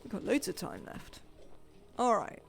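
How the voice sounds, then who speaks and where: A woman's voice: a little high, animated, unhurried, creaky. A woman, chatting and rambling to herself as she plays a game on a live stream. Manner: chatty, rambling self-talk while playing.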